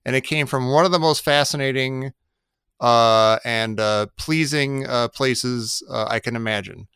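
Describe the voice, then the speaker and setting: Laughing man with a smooth voice. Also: mid-range voice, a little slow, a bit bright, dry recording, clean studio sound. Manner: rambling, loose storytelling with many fillers. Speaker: podcast co-host. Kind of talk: casual chat.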